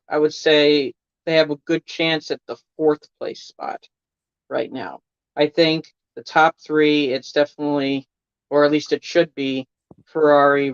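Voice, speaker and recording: A podcast panelist giving careful, hedging analysis in a measured, methodical way. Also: medium pitch, smooth, no echo, muffled recording. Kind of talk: casual sports analysis.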